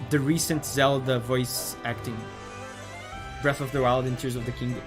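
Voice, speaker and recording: A man's voice: medium pitch, flat delivery, normal speed. A male gaming streamer gives chatty, enthusiastic let's-play commentary, laughing often and reading out chat messages. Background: game music.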